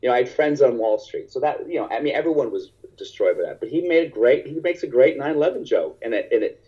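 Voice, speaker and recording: A man, a stand-up comedian, telling a story in casual conversation in an animated, profane way and acting out other people's lines. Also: medium pitch, quick pace, dull audio.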